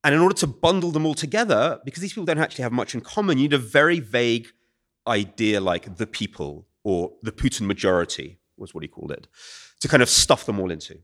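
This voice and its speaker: A British man talking quickly and animatedly as an author being interviewed before a live audience. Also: mid-range voice. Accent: British English. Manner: fast, animated explaining. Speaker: author and guest. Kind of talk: conversational podcast interview.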